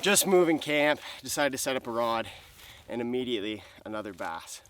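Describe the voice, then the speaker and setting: A man's voice: mid-range voice, animated, a little fast, background noise. A young man vlogging from a frozen lake. He talks casually, swears and exclaims, and talks to the fish and to himself. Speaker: outdoor vlogger. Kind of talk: casual vlog narration.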